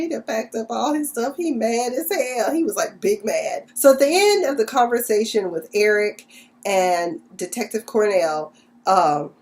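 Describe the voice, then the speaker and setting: A woman with a somewhat high-pitched voice talks through a TV episode in a casual vlog recap. Her retelling is chatty and slangy, peppered with sassy asides about the characters. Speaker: TV recap vlogger.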